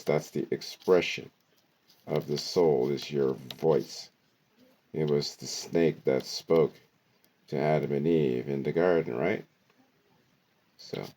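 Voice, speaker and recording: A man with an extremely deep voice explains how to decode words, one sound at a time. He speaks slowly and deliberately. He keeps punctuating his points with "okay" and "right" as he teaches. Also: a little mellow. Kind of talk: esoteric word-decoding lesson.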